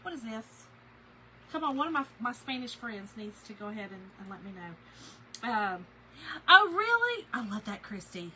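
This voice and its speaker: A woman's voice: mid-range voice, normal speed, fairly bright tone, low-quality recording. A middle-aged woman hosts a casual craft live stream, chatting and gushing while reading viewer comments.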